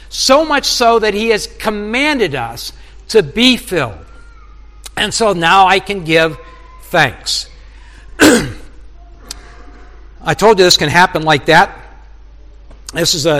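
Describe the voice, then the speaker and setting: A middle-aged male preacher gives an earnest sermon in a high, sharp voice, often acting out his own prayers and conversations with God. A long reverb tail trails his words.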